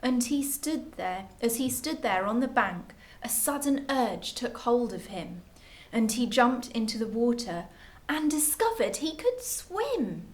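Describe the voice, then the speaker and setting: A woman reading a children's picture book aloud at a library story time, with lively expression. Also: a little high, unhurried.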